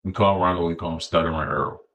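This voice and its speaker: A man in his forties telling animated, profane barbershop stories as a podcast guest, acting out other people's lines. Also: low voice, fast, highs cut off, a little hiss or hum. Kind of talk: casual storytelling chat.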